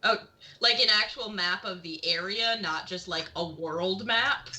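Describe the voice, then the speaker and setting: A woman's voice: medium pitch, measured pace, bright, forceful tone, low-quality recording. A woman playing a tabletop role-playing game, chatting casually and playfully with the group. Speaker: player.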